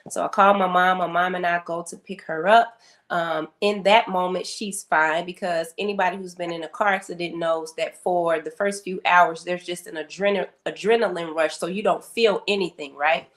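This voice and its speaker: A middle-aged woman, a guest speaker on grief, telling a story and acting out the people in it. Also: on the low side. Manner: animated storyteller acting out quotes. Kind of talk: storytelling interview talk.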